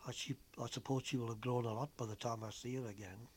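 A man's voice: medium pitch, fairly even intonation, quick pace, slight background noise, lightly acted. A man reading a homesick young woman nurse.

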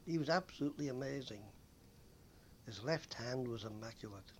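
An older man telling stories from his days as a bus conductor, rambling with frequent pauses and fillers. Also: mid-range voice, animated, a little hiss or hum. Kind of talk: oral history reminiscence.

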